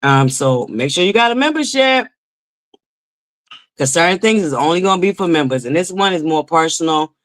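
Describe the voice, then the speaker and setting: A woman's voice: fairly low pitch, expressive, moderate pace. A woman hosting a casual livestream from home, chatting and greeting viewers by name. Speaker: livestream host.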